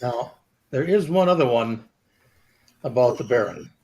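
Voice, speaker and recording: A man's voice: medium pitch, animated, measured pace, creaky, mellow. A man co-hosting a podcast, teasingly telling stories about his friend in casual chat. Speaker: podcast co-host.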